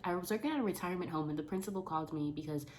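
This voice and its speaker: A young adult woman chatting casually to the camera in an animated way about her work as a teacher's aide. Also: lowish voice, racing, slight background noise. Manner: animated, talks with her hands. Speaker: vlogger, school paraprofessional. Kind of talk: casual vlog chat to camera.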